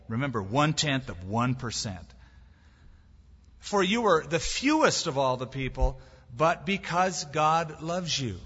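A man's voice: a little high, fairly bright tone, husky. A man preaching a sermon with emphasis, using rhetorical questions and quoting scripture. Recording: long hall reverb, dull lo-fi sound.

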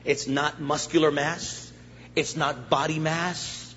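A man preaching a sermon as a guest pastor, a lively storyteller who acts out the voices he quotes. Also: on the high side, slow pace, slight background noise. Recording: echoey hall, dull sound.

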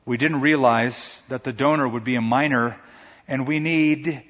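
A man playing a gentle male hospital doctor who speaks quietly and solemnly. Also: medium pitch, fairly even intonation, unhurried. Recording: echoey hall, dull lo-fi sound.

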